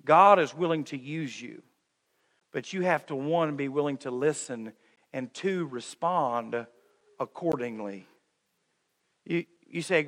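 Man, pastor, lively sermon with acted-out quotes, high voice, echoing sanctuary. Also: a little slow, long pauses. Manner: animated preaching with acted-out quotes and humor; calls the congregation "friends". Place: church sanctuary.

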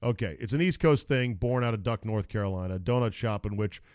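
A man's voice: lowish voice, fast talker, clean tone, no room sound, lo-fi sound. A middle-aged man hosting a podcast, telling stories in a casual, sarcastic way. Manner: animated storyteller, sarcastic. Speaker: podcast host. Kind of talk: casual chat.

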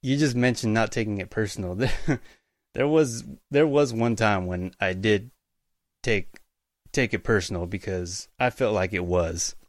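Easygoing low-voiced man telling stories. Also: a little slow, no echo, studio quality. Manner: relaxed, easygoing storyteller. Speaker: guest, utility locator. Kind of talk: casual interview storytelling.

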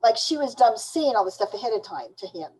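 Husky-voiced woman recounting haltingly. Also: on the high side, sing-song, a little mellow, rough recording. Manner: halting, restarts often, indignant. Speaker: interview guest. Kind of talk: casual recounting in an interview.

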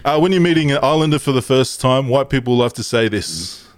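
A man's voice: mid-range voice, lively intonation, fairly quick, no room sound. A man co-hosting a casual podcast, reading out listener lists and chuckling as he goes. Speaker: podcast co-host.

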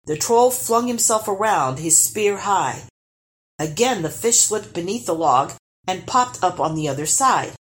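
Woman reading kids story out loud, lowish voice, super animated. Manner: expressive and lively. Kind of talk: storybook read-aloud narration.

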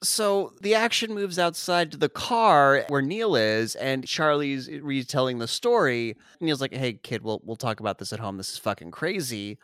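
Lively, animated man recapping a movie. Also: mid-range voice, dry recording, studio quality. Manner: animated, swearing, acts out characters in quick voices. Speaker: podcast host recapping a movie. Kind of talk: casual comedic chat.

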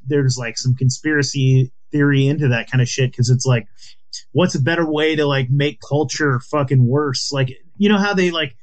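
A man co-hosting a podcast in crude, rambling casual chat, blunt and full of swearing and fillers. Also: a little high. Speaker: podcast co-host.

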